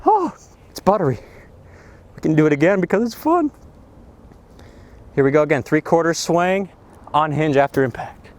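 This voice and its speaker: Middle-aged male golf coach, excitable range lesson outdoors, lively voice that swings up and down, slightly high. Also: normal speed, pauses often. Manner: excitable, exclaiming over good shots. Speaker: golf instructor.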